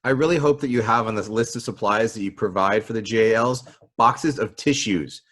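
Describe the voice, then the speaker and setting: A man's voice: fairly low pitch, brisk, fairly bright tone. A man hosting an interview, affirming his guest and guiding the talk with questions. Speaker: interviewer, host. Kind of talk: interview host.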